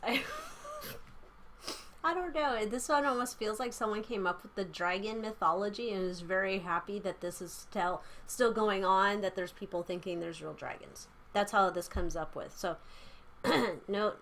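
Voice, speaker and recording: A woman at an ordinary middle pitch giving a loose, chatty tarot reading. She rambles through her thoughts with an irreverent, lightly profane manner, and a faint ambient hum sits under her voice. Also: fairly bright tone. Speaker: tarot reader. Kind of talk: casual tarot reading chat.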